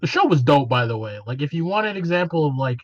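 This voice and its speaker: A man's voice: on the high side, sing-song, quick pace, dry recording, lo-fi sound. Laid-back slangy male podcast host. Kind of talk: casual chat.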